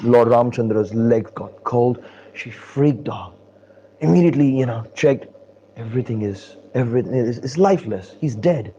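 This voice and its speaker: A man teaching a live scripture class, telling a story and acting out its characters with lively voices. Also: medium pitch, muffled recording, slight background noise. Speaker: preacher.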